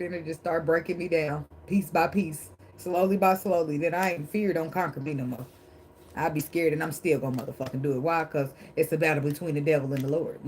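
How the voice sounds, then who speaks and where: Her voice is lowish and darkish, recorded poorly with slight background noise. Doing a relaxed tarot reading, this woman talks bluntly and with emphasis, swears a lot, laughs, and preaches about faith in asides, admitting she's dramatic.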